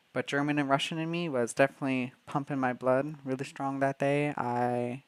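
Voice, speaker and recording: A man's voice: medium pitch, no room sound. A young man from Canada, a streamer telling a workplace story in casual livestream chat, swearing freely.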